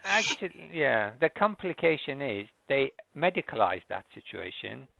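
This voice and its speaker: A male host chatting casually with a guest. His voice is heavily gravelly, and he pauses and lets his sentences drift off. It comes through dull and muffled, close and dry. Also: medium pitch, big pitch swings, no echo. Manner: hesitant, trailing off. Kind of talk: casual interview chat.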